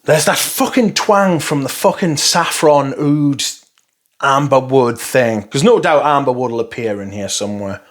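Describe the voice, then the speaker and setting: A fragrance reviewer with a medium-pitched, slightly slow voice rambles casually through his first impressions of scents. He's blunt and swears constantly.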